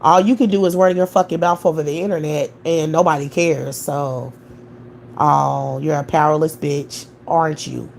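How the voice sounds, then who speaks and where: A woman's voice: low voice, fairly even intonation, moderate pace, gravelly, a little mellow, slight background noise. A young adult woman hosting a live stream, answering chat in a profane, scornful rant with mocking laughter. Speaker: livestream host.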